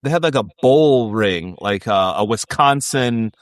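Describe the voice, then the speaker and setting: A man's voice: medium pitch, measured pace, no room sound. A man with an ordinary mid-range voice muses in an easygoing, humorous podcast chat, full of "like" fillers. The recording is dry and close. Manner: relaxed, humorous, reflective, with many "like" fillers. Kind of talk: casual chat.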